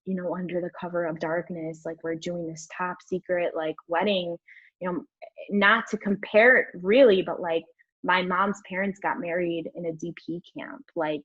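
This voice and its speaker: A young woman guest telling a candid story in an interview, rambling and animated, filling her speech with "like". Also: lowish voice, moderate pace. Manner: rambling, animated, heavy use of "like". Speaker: podcast guest. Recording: dull lo-fi audio.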